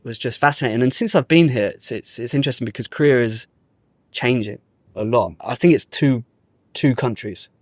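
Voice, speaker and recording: A man's voice: medium pitch, fairly quick, no room sound. A man from the UK, a podcast guest who tells his story casually and acts out the people he quotes. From United Kingdom. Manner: lively storyteller, acts out quoted people, uses London slang.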